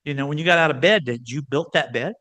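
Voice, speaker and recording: Older male guest speaker, bright and slightly high, animated storyteller at a club meeting. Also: fast talker. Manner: animated storyteller, varies pitch and pace for emphasis. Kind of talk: lively club talk.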